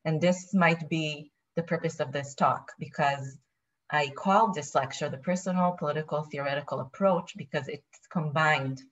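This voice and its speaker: A woman's voice: low-pitched, moderate pace. Nervous woman lecturing over video call. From Israel. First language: Hebrew. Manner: nervous, apologetic, thinking aloud. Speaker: guest lecturer. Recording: dull lo-fi video call audio.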